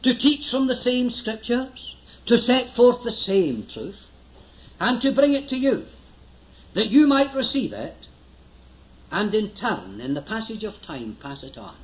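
Earnest older preacher, high and lively. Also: male voice, unhurried, dull audio. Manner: earnest, emphatic, pleading with listeners to listen. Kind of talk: sermon.

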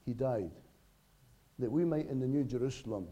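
A man preaching a sermon to his congregation, earnest, with dramatic pauses and sudden swells and drops in volume. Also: mid-range voice, lively intonation, dark tone.

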